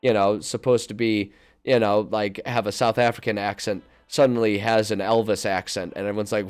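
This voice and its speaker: Rambling man with a low voice. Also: steady tone, a little fast, a little mellow, smooth, soft background music. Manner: rambling, self-interrupting, laughs often. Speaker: streamer and game master. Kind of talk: casual livestream chat.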